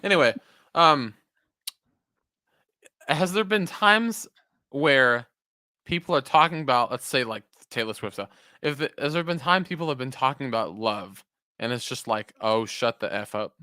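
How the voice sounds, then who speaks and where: A podcast co-host in casual chat, telling stories in an animated way and swearing often over a video call. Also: mid-range voice, moderate pace, long pauses, dry recording, studio quality. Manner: animated storytelling, swears a lot.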